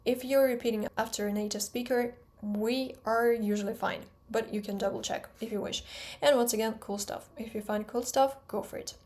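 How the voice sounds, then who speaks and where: A woman with a fairly high voice and a Russian accent teaches her own pronunciation method. She talks fast and precisely and stresses the sounds she uses as examples. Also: steady tone, a little mellow. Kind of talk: explanatory talk to camera.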